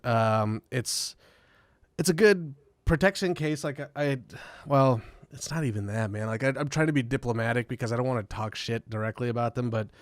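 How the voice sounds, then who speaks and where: A man's voice: medium pitch, no echo, studio quality. A man chatting as a podcast guest, rambling, swearing freely and laughing often. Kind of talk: casual podcast chat.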